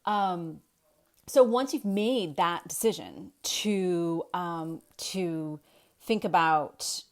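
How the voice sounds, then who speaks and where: Low-voiced woman coaching storytellers from home. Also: very slow. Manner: thinking aloud, with restarts and rhetorical questions. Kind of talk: casual talk to camera. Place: home with kids in the next room. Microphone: webcam.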